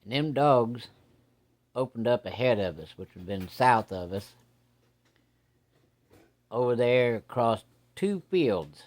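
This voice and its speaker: A man telling a first-person ghost story in a plain-spoken, folksy way, building suspense with slow, deliberate pacing. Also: medium pitch, lively intonation, darkish tone. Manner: plain-spoken, drawling, folksy rural grammar.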